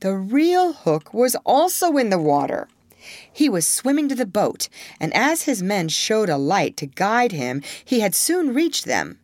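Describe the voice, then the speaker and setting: A woman narrator reading a storybook aloud in a measured, expressive way. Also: medium pitch, dry recording.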